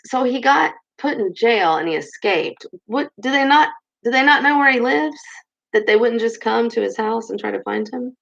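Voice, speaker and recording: A woman's voice: fairly high pitch, moderate pace, creaky, a bit bright, muffled recording. A woman reading a children's book aloud, stopping to comment casually on the story. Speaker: storybook reader.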